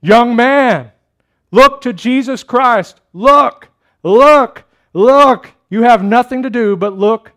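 An earnest lay preacher, put on by a male pastor mid-sermon pleads and urges in a high voice. He leans hard on each repeated word and grows loud and insistent. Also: animated, moderate pace. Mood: shouting. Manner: pleading, emphatic, rising louder.

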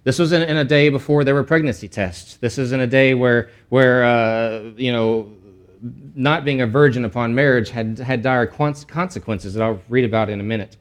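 A man's voice: mid-range voice, moderate pace. Conversational male Bible teacher. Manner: casual and explanatory, with frequent restarts and asides.

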